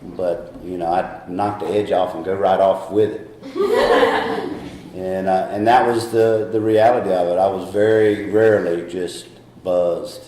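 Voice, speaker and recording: Southern man, middle-aged, low-ish voice, frank recovery testimony, echoey meeting room. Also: steady tone, a little slow, darkish tone. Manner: candid, rambling, laughs at himself. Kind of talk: personal testimony talk.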